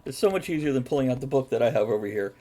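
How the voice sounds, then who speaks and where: A man's voice: medium pitch, lively intonation, very fast, crowd noise. A man hosting a casual live-streamed chat show, reading viewer comments aloud and chuckling often. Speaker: host.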